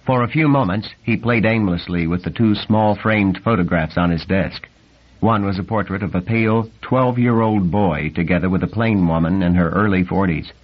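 A man narrates a novel in a steady, even storytelling manner, his voice low and husky. The recording sounds dull and muffled, as on a lo-fi audiobook. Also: normal speed.

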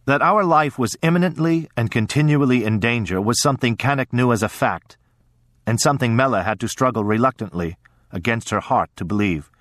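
A man reading a first-person story in a measured, even voice at a middle pitch. The recording is dry and close, with no room sound. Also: no room sound. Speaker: audiobook narrator. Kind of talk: scripted narration.

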